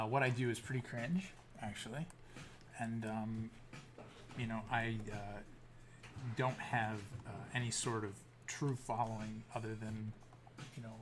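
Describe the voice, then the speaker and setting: A middle-aged man telling a story in casual, rambling commentary, swearing freely and often restarting his sentences. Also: medium pitch. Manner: rambling, profane, many restarts. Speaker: YouTube commentator.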